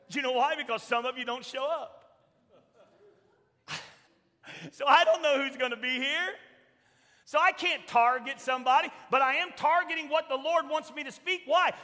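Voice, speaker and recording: High, bright-voiced preaching man in a reverberant church. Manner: emphatic preaching, swings from loud shouts to soft quoted asides. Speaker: pastor. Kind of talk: sermon. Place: church sanctuary.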